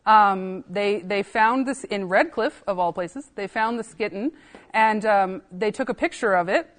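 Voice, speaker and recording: A woman archivist tells anecdotes in a relaxed podcast chat. She animatedly acts out the callers and visitors she is quoting and slips in an occasional laugh. Her tone stays casual and conversational throughout. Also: mid-range voice, unhurried. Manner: animated anecdotes, acting out quoted dialogue, laughing. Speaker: assistant archivist, podcast guest. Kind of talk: casual storytelling interview.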